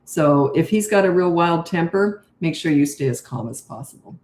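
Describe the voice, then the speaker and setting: An older woman who coaches parents, answering viewer questions live in a calm, unhurried, low and slow way. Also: roomy sound.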